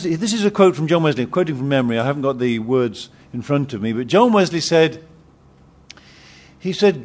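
A man's voice: fairly high pitch, expressive, moderate pace. A man preaching a sermon, emphatic and repeating his key phrases.

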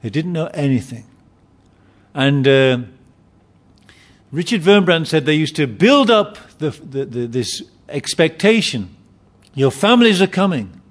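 A man's voice: a little high, expressive, measured pace, long pauses. A man preaching a sermon, emphatic, often repeating and restarting his phrases.

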